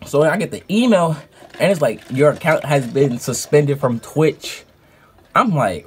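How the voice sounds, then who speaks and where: A man who streams, telling a story in a casual, animated and profane vlog rant. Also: on the high side, unhurried, slightly rough.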